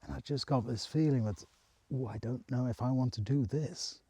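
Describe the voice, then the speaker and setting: A man telling a personal spiritual story in a soft, halting, earnest way. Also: mid-range voice, husky, no echo.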